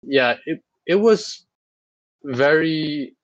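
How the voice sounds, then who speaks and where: A man hosting a podcast in casual chat, teasing and animated, with lots of fillers. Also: fairly high pitch, extremely slow, dry recording, lo-fi sound. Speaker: podcast host.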